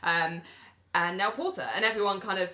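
A woman's voice: medium pitch, normal speed, sharp tone. A woman casually recapping a TV episode, acting out the characters' lines and laughing along. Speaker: podcast host recapping a TV episode. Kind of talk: casual chat.

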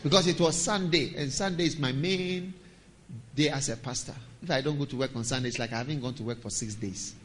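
A middle-aged man, preaching a sermon as pastor, emphatic and sometimes shouting. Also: mid-range voice, a little fast, a little hiss or hum.

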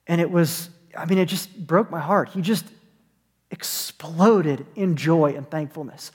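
A man with a high voice preaching, his words trailing into a long, ringing reverb. He tells a story and slips into the voices of its people, then turns it into a call to his listeners. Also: a little slow, slightly rough. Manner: storytelling, acts out voices in anecdotes. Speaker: pastor. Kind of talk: sermon. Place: church, online service.

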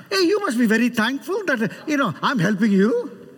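Lively high-voiced man preaching in a hall. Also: normal speed, slightly rough. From India. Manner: animated, joking with the congregation, acts out quoted voices. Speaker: guest preacher. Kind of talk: sermon. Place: church sanctuary. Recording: preached in a large reverberant hall.

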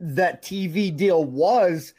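A man's voice: on the high side, takes it slowly, warm tone, husky. A man co-hosting a podcast, chiming in casually and agreeing with the others. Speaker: podcast co-host. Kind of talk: casual chat.

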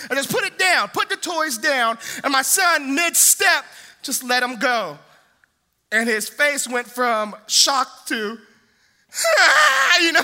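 Brief: young male pastor, very high voice, sharp and forceful tone, animated storyteller. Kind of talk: sermon with personal stories.

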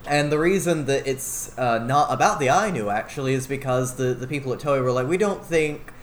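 A man's voice: medium pitch, a little fast, a little hiss or hum. A man co-hosting a podcast, talking eagerly and rambling with many fillers and restarts. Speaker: podcast co-host. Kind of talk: casual podcast discussion.

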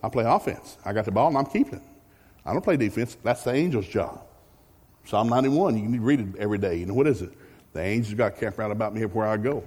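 A male pastor preaching a folksy, joking sermon with animated storytelling. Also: medium pitch, slightly rough. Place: church sanctuary. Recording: long reverb of a large hall.

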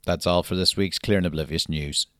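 A man voicing a brash mock TV newsreader who reads the headlines in a loud, punchy way. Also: low voice, steady tone, fairly quick, no room sound, studio quality. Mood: mock-serious.

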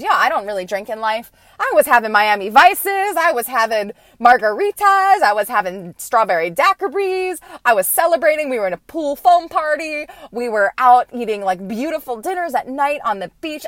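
A woman's voice: a little high, dry recording. A woman in her thirties hosting a motivational podcast as a coach, talking in an emphatic, earnest and encouraging way.

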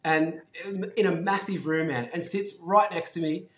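A man with an Australian accent, a guest telling a story in a casual, animated way, swearing freely and saying "like" and "um" a lot. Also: a little high, moderate pace, reverberant. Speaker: guest, brand founder.

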